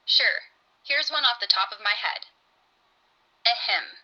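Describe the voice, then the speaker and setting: A woman's voice: on the high side, expressive, a little slow, bright, forceful tone, highs cut off, exaggerated voice. A woman voicing a playful, quippy AI chatbot that sings rhymes and makes beeping sounds. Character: witty female AI chatbot voice. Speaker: AI assistant.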